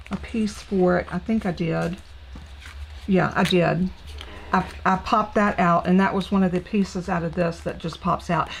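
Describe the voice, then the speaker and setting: A woman's voice: medium pitch, a little hiss or hum, low-quality recording. A woman with a Southern drawl chatting on a live card-making stream, gushing over her supplies and thinking aloud with fillers as she works. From Southern United States.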